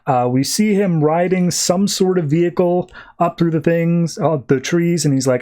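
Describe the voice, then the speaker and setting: A man's voice: on the high side, moderate pace, few pauses, mellow. A man hosting a podcast, casually recapping a comic and acting out the characters' lines as he goes. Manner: rambling storytelling, acts out quotes. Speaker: podcast host.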